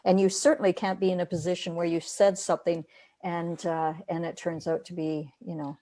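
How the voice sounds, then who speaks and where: A woman's voice: lowish voice, little pitch movement, fairly quick, warm tone. A woman interviewing a guest in a casual way, often agreeing and murmuring assent.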